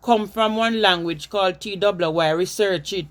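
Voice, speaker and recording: A woman with a Jamaican accent talks through cultural history at a mid-range pitch. She tells it as a story, restarting phrases and slipping into patois at times. The delivery is informal and admiring. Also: moderate pace. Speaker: cultural educator.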